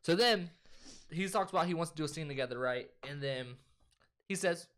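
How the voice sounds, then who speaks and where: Animated young man recapping a movie. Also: a little high, a little fast. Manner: animated, swearing, retells scenes with quoted voices. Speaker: co-host. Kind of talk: casual movie recap chat.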